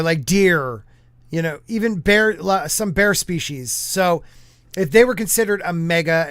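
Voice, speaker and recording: A man's voice: a little high, fairly bright tone, smooth, no echo, clean studio sound. A man hosting a podcast, talking casually in a rambling way, full of fillers and restarts. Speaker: podcast host.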